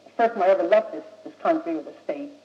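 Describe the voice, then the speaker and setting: Young American man, high voice, blunt and insistent talker; old muffled tape in an echoey room. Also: fast talker. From United States. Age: young adult. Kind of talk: impassioned speech.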